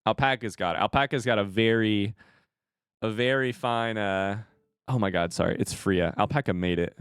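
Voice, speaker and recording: A young adult man hosting a casual live stream, talking to chat and swinging from hushed remarks to loud excited outbursts. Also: on the low side, moderate pace, clear, resonant tone, no room sound, studio quality. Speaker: streamer host.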